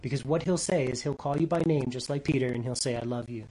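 A man preaching a sermon earnestly, dropping to soft near-whispers for tender lines and rising loud when reading scripture. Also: mid-range voice, quick pace, breathy edge, low-quality recording. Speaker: pastor.

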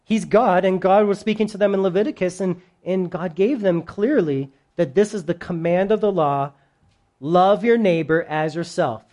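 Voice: mid-range voice, moderate pace, a little mellow. A pastor giving a sermon in a casual, humorous way, often asking the congregation questions.

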